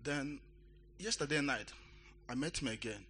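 Man giving halting church testimony. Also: medium pitch, lively intonation, bright, forceful tone, slight background noise. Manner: halting, repetitive retelling.

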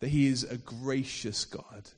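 A man preaching a sermon, retelling a parable with expressive storytelling that swells to loud emphasis. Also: mid-range voice, a little slow, breathy edge. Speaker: pastor. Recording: reverberant hall.

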